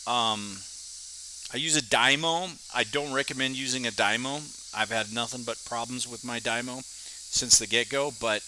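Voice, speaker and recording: A man's voice: medium pitch, sharp tone, a little hiss or hum, poor audio. An American man, a glass artist, chatting in a folksy, easygoing way as he talks through his work in a home studio. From United States. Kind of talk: casual vlog talk while working.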